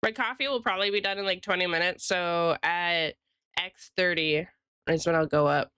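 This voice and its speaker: A woman's voice: on the low side, fairly even intonation, moderate pace, pushed and bright, smooth, no echo. A woman streamer and illustrator chatting casually with her live viewers, rambling and greeting them by name.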